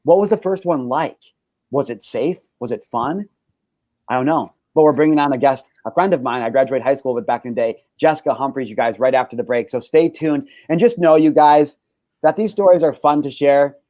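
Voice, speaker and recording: Animated, swearing male podcast host. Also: medium pitch, brisk, no echo. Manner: animated storytelling, heavy swearing. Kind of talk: casual chat.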